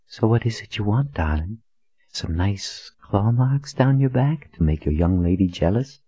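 A breathy, teasing young woman who coaxes in soft murmurs, played by a male narrator. Her voice stays husky and close, in a dull, muffled recording. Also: on the low side, animated, a little slow, no room sound, voice pushed up. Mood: coaxing.

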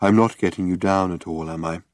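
A man reading the part of a gloomy, depressed male robot in a weary droning monotone, in an audiobook. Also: low-pitched, fairly quick, no room sound, studio quality, natural voice. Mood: weary gloom.

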